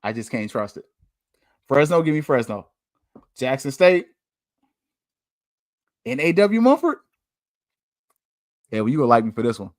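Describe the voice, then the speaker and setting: A young man with a drawl hosts a sports podcast in a casual, joking way, teasing rivals as he calls his picks. His pitch swings widely from one phrase to the next, and the sound is close and dry with no room around it. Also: a little slow, long pauses, dry recording. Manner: animated, joking, trash-talking predictions. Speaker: podcast host.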